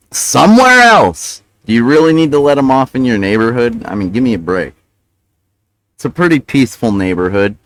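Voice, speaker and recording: A man with a fairly low voice rants on his stream in a rambling, cursing, self-justifying way, sometimes mumbling while chewing food. The recording is low-quality.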